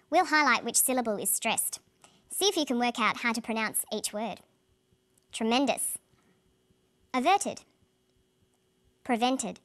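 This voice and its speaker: A woman presenting an English pronunciation lesson in a clear, carefully paced scripted delivery. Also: a little high, fairly bright tone.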